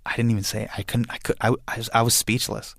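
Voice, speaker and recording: A young adult man telling a personal story in an animated way, acting out the voices of his family. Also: fairly low pitch, fast talker, creaky, no room sound, clean studio sound.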